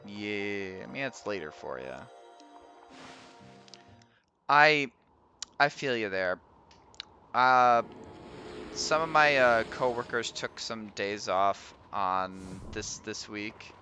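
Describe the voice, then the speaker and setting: A man's voice: fairly low pitch, expressive, slow pace, sharp tone, faint music behind. A young man with a Midwestern American accent chatting casually with viewers while streaming a game, laughing often and trailing off as he reads.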